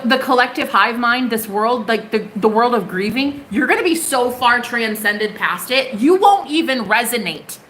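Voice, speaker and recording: A woman's voice: medium pitch, sharp tone, slight background noise, poor audio. A young woman from the United States giving a live-stream tarot reading, chatty and bubbly with plenty of swearing. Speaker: tarot reader.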